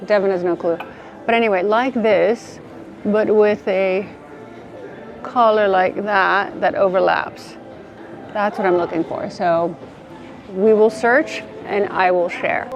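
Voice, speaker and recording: Chatty, gushing woman vlogger. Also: mid-range voice. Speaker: fashion vlogger. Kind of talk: casual vlog chat. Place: shops and streets in a city.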